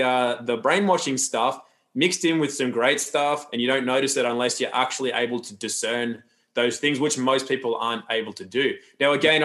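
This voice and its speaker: A man's voice: medium pitch, fairly bright tone. Rambling man in casual conversation. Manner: loose, rambling, many restarts and asides. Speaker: podcast guest. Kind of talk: casual interview talk.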